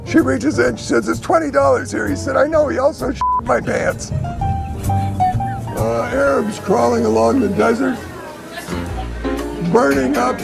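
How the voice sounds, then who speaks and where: A man telling a string of dirty jokes in a deadpan talk-show manner, rattling through the punchlines. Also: very high voice, normal speed, creaky, over music.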